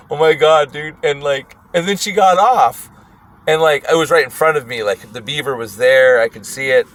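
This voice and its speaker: A man casually telling a wild story, animated and profane, often breaking into laughter. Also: on the high side, moderate pace.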